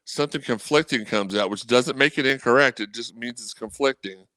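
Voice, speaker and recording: A man on a podcast as a guest, talking sports in a rambling, animated way. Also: mid-range voice, brisk, no room sound. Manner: animated, rambling, quotes people in voices. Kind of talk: casual sports talk.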